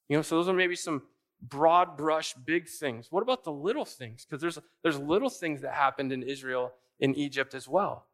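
A man's voice: fairly high pitch, normal speed. A man preaching a sermon, asking rhetorical questions and repeating key phrases for emphasis. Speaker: pastor.

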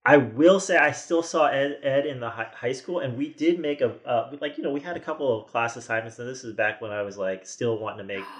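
A man's voice: mid-range voice, fairly quick, hardly any pauses. A man in his forties tells a story on a podcast, circling back with restarts and quoting what people said. His voice sits in a middle register and stays casual and chatty. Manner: rambling, many restarts and quoted asides. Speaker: podcast guest.

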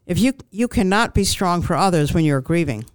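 A woman speaking as a grief counselor guest in an interview, giving calm, reassuring advice with frequent ums and restarts. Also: on the low side, fairly quick, clean tone, dry recording.

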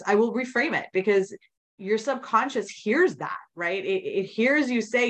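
A woman's voice: medium pitch, lively intonation, moderate pace, a bit bright. A woman guest on a podcast, telling her personal story in a candid, rambling way, full of restarts and quoted inner thoughts.

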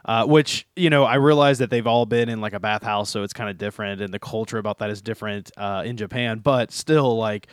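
A man's voice: on the low side, brisk, hardly any pauses, smooth, dry recording. Amused man chatting, dry close sound. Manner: amused, chatty, lively asides. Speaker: podcast co-host. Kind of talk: casual anime recap chat.

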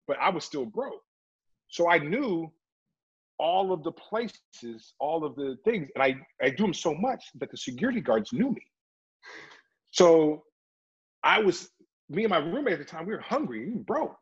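A man's voice: fairly high pitch, big pitch swings, moderate pace, long pauses, breathy edge, dull audio. A middle-aged man, an actor, chatting animatedly in an interview and slipping into voices as he tells stories. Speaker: actor and guest. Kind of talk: casual interview storytelling.

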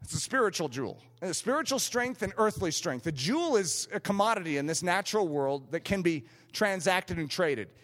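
A man's voice: sits high, expressive, brisk, hardly any pauses, a bit bright. A man preaching a sermon in a fervent, emphatic way. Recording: long hall reverb.

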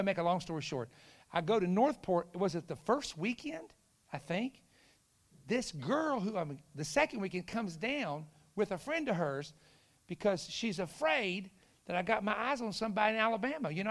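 Animated preacher man, high voice. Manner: animated, acts out quoted voices, shouts punchlines. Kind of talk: storytelling sermon.

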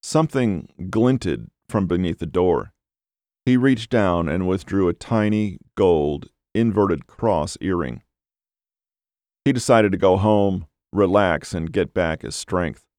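A man narrating a dark novel as an audiobook, in a measured, unhurried way. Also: low voice, lively intonation, no echo, studio quality.

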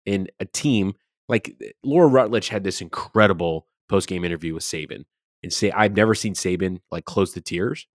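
A man's voice: sits low, normal speed, no echo, studio quality. A man co-hosting a sports podcast, talking casually and animatedly, swearing freely as he rants about games. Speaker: podcast co-host.

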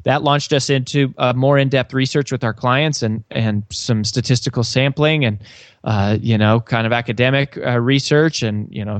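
Man, author and coach, mid pitch, earnest, restarts often, dry sound. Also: no echo. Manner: earnest, frequent restarts and fillers. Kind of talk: storytelling interview answer.

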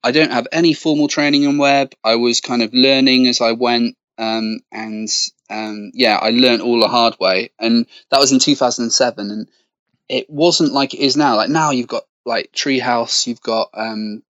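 A man's voice: mid-range voice, steady tone, moderate pace, a bit bright, no room sound, lo-fi sound. An English man from Gloucestershire, a podcast guest, talking casually in a rambling, self-deprecating way with many ums and restarts over a video call. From Gloucestershire, England. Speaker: podcast guest, web business owner. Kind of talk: casual interview chat.

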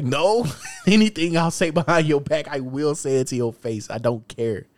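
A man's voice: medium pitch, expressive, fairly quick. A man co-hosting a podcast, chatting casually in a blunt, outspoken way. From United States. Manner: blunt and outspoken, laughs between lines. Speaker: podcast co-host. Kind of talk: casual chat.

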